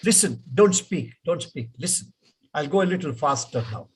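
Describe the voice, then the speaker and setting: A man with an Indian English accent teaching pronunciation in an online class, slow and patient, repeating words for students to echo. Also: on the high side, lively intonation, husky.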